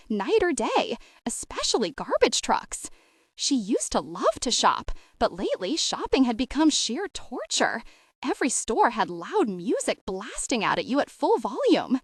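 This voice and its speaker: A woman reads a novel aloud as an audiobook narrator, telling it with expressive flair. Her voice sits a little high and swings widely in pitch. The recording is dry and close, with no room sound. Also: husky, no echo. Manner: expressive, lively storytelling. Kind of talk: scripted narration.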